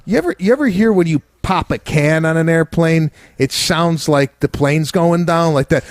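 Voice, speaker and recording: A man's voice: a little high, normal speed, dry recording, studio quality. A man co-hosting a comedy podcast, chatting casually in a wry, teasing way. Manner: wry, teasing, mock-incredulous. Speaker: podcast co-host.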